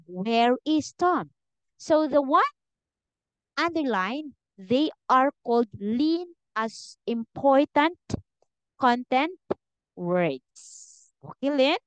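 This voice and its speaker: A woman's voice: on the high side, clear, resonant tone, no echo, rough recording. A woman English teacher giving a one-on-one lesson, explaining patiently and saying okay often. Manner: slow, patient explaining with many okays.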